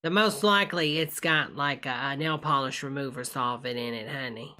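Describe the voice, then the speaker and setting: A woman's voice: rumbling low, normal speed, bright, forceful tone, slight background noise. A woman hosting a live reaction stream, chatting folksily with viewers and calling them honey. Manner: folksy, calls everyone honey, gushing asides. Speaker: host reacting to videos.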